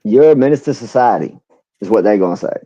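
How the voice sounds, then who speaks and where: A man chiming in as a guest with loud, joking remarks. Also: lowish voice, expressive, fast talker. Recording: dull sound with crowd noise behind.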